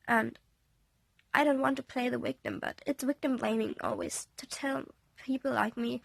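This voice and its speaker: A young woman vlogging from a bed, shaken after a panic attack, talking in a halting, apologetic way that often drops to a soft half-whisper. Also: a little high, gravelly, no echo. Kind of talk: confessional personal vlog. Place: indoors, on a bed in a bedroom.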